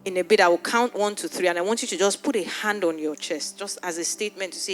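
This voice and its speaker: Pleading earnestly from the pulpit, a woman pastor leads a sermon's altar call and prayer in a church hall with a live audience, frequently repeating herself. Her fairly low, slightly bright voice comes fast with few pauses, faint music playing behind her.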